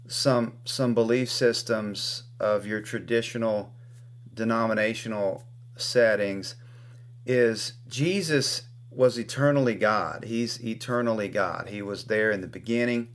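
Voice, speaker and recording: A man hosting a conversation, teaching on scripture in a measured way with frequent restarts. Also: medium pitch. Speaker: host.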